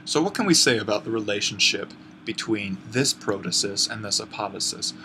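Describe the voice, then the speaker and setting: Bright-voiced man explaining grammar. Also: on the low side, animated, fairly quick, a little hiss or hum. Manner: explains step by step, thinking aloud with fillers and self-corrections. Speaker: Greek teacher. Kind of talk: online grammar lesson.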